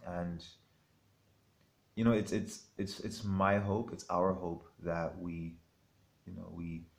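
A man hosting an interview, speaking thoughtfully with many pauses and repeated phrases. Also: low voice, little pitch movement, vocal fry. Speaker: host. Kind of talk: reflective interview talk.

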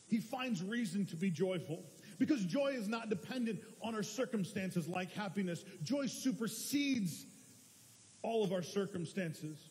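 A man, a pastor, preaching a sermon in an earnest, conversational way, pausing to correct himself. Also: high-pitched, darkish tone. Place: church sanctuary. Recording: long hall reverb.

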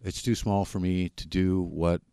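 A man, a podcast guest, candidly telling his personal recovery story in a plain-spoken, halting way with frequent restarts. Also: low voice, fairly even intonation, dark tone, clear, resonant tone, no room sound, studio quality.

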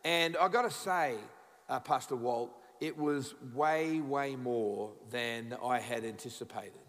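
A man in his fifties with an Australian accent, a guest pastor addressing a church congregation with lively, joking energy. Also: mid-range voice, slow pace. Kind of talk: sermon. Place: large church hall. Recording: reverberant church hall.

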